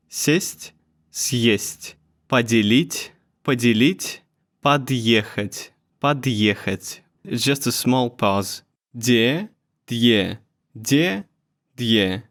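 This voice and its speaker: A man's voice: medium pitch, fairly bright tone. A man with a Russian accent gives a pronunciation lesson, saying each sound and word twice. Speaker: language teacher.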